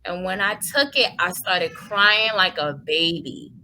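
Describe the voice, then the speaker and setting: A woman's voice: fairly low pitch, a little slow, pushed and bright, a little hiss or hum, rough recording. A woman, a guest in an interview, telling a heartfelt personal testimony in colloquial speech with many fillers.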